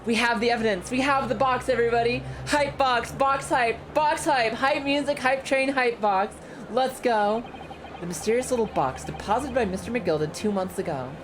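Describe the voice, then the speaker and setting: A young woman streaming a game, chatting casually, excitable, swearing often and breaking into squealing laughs. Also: on the high side, moderate pace, noisy background. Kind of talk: casual live-stream chat while playing a game.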